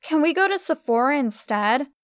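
A woman's voice: expressive, normal speed, no echo. A woman voicing a bratty, dramatic young woman who whines and shrieks. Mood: sulky. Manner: whiny and shrill.

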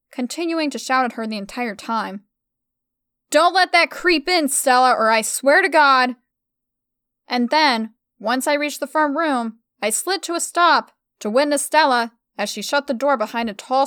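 A woman tells a first-person story at a slow, deliberate pace. Her voice sits a little high and sounds smooth and polished, recorded close and dry. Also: a bit bright, dry recording.

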